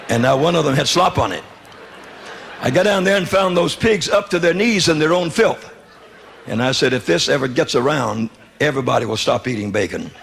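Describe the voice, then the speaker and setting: A man's voice: medium pitch, vocal fry, fairly bright tone, a little hiss or hum. A man from the South, preaching his testimony in a folksy, humorous way and acting out dialogue. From Southern United States. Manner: folksy, humorous, wry storytelling with quoted dialogue. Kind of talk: sermon testimony storytelling.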